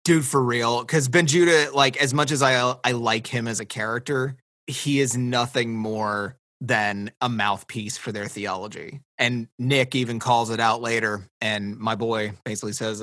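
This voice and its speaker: A man co-hosting a casual book discussion podcast, sarcastic and animated, mocking others in quick put-on quotes. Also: mid-range voice, dry recording. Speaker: podcast co-host.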